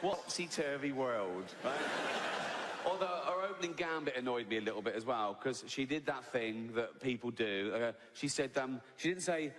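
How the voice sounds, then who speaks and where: Stand-up comic on a reverberant stage. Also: male voice, mid-range voice, expressive, normal speed, fairly bright tone. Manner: conversational, asks "right?" constantly. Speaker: stand-up comedian. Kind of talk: stand-up comedy. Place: theatre stage. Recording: live theatre reverb, audience noise.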